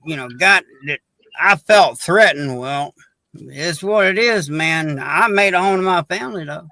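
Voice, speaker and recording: A man's voice: fairly high pitch, expressive, measured pace, sharp tone, dry recording. A man, chatting on a podcast in a folksy, earnest storytelling way. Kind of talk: casual chat.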